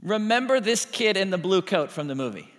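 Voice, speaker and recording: A man's voice: high voice, very animated, brisk, a bit bright, long reverb tail. A man preaching a sermon to a congregation, joking and acting out little dialogues. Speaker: pastor.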